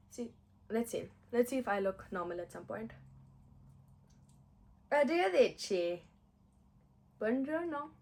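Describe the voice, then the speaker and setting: A woman's voice: medium pitch, normal speed, creaky, pauses often, darkish tone. Chatty, giggly young woman vlogging. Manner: chatty, giggly, self-mocking, with playful mock-Italian put-on phrases. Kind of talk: casual chat while doing makeup.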